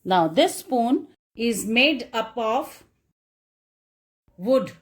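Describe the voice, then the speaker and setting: A young woman with an Indian English accent teaches a phonics lesson to small children. She speaks at a very slow, deliberate pace, with a lively, sing-song rise and fall in a somewhat high, mellow voice. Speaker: kindergarten teacher.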